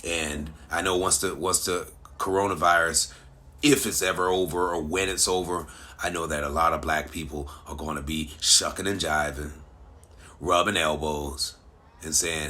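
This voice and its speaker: A man commenting to his online followers, animated and repetitive, with frequent restarts and rhetorical questions. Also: a bass voice, moderate pace. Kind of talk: casual monologue to social media followers.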